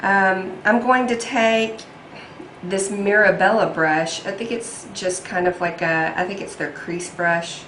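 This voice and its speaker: A woman's voice: mid-range voice, fairly even intonation, measured pace, a bit bright, echoey room, slight background noise, rough recording. A young woman talking through a makeup tutorial in a chatty, self-deprecating way, with frequent ums. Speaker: beauty vlogger.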